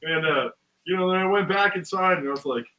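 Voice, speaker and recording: Recorded from a distance on very noisy audio, a man with a high voice talks fairly quickly as a guest musician in casual conversation. His long story meanders with ums and uhs, and he performs the voices of its characters, laughing as he quotes them.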